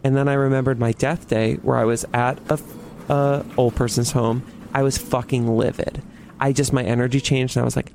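A young man telling a story in casual talk, animated, with lots of swearing and "like". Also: medium pitch, moderate pace, creaky. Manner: animated, swears a lot, heavy use of "like".

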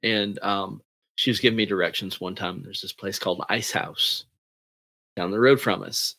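A man's voice: deep voice, normal speed, gravelly, bright, forceful tone, breathy edge, no echo. A man guest on a casual podcast chat, joking and telling funny stories with the odd swear word.

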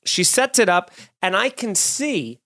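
A man in his thirties hosting a podcast alone, doing a sarcastic comedic monologue with loud bursts and muttered asides. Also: high-pitched, very animated, unhurried. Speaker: podcast host. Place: home studio, recording alone.

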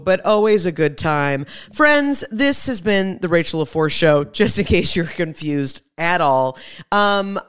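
A woman's voice: lowish voice, lively intonation, unhurried, clear, resonant tone. A young woman hosting her own podcast in a casual, emphatic monologue, speaking to her listeners as friends. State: pregnant. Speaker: podcast host.

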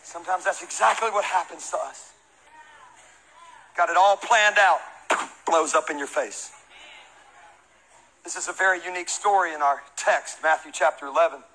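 A man's voice: fairly high pitch, normal speed, long pauses, rough recording. A man preaching a sermon to a congregation, telling a comic story and acting out the voices of the people in it. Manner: animated, acts out quoted voices, laughs and shouts. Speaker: pastor.

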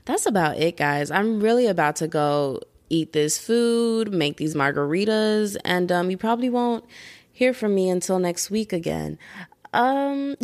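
A woman's voice: on the low side, animated, unhurried, darkish tone, no echo. A young adult woman hosting a casual solo podcast, chatty and rambling, laughing at herself and tossing in lots of "like" and "y'all", recorded at home under a blanket. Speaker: podcast host.

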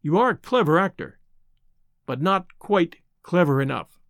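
A man voicing a calm, assured old male villain who speaks smoothly with quiet menace, in an audiobook. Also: on the high side, a little slow, no echo, clean studio sound.

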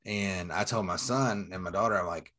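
A man's voice: low-pitched, normal speed. A man in his forties, a toy collector and seller, telling rambling, profane stories in casual chat. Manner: rambling, profane, animated storytelling.

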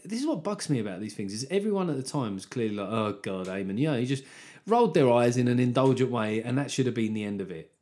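A man's voice: mid-range voice, mellow. A man from Britain hosting a solo podcast, rambling and swearing with a wry, casual tone. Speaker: podcast host.

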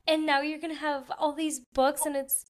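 A woman's voice: high voice, little pitch movement, moderate pace. A woman from Colorado co-hosting a book club interview, gushing with enthusiasm about the author. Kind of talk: casual interview chat.

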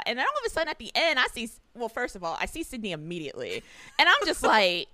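Excitable bright-voiced woman on a video call. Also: high-pitched, a little fast, dry recording. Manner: excitable storyteller, laughs often. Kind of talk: casual chat.

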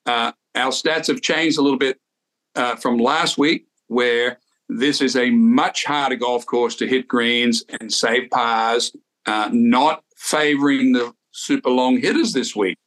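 A man's voice: medium pitch, steady tone, measured pace, fairly bright tone. Aussie guy in his 60s on a podcast, laid-back, keeps restarting his sentences. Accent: Australian. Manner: easygoing storyteller with frequent restarts. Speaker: former tour pro, podcast co-host. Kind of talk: casual podcast chat.

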